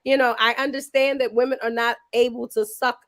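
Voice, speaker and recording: High-voiced playful woman host. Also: flat delivery, fairly quick, no echo, clean studio sound. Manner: playful, teasing, laughs often. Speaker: podcast host. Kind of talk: casual chat.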